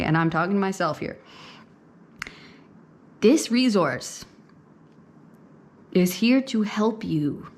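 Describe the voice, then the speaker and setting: A woman giving a pick-a-card tarot reading, talking straight to her viewers in a conversational way. She often repeats herself, checks in with "okay?" and "right?", and laughs softly now and then. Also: lowish voice. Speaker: tarot reader.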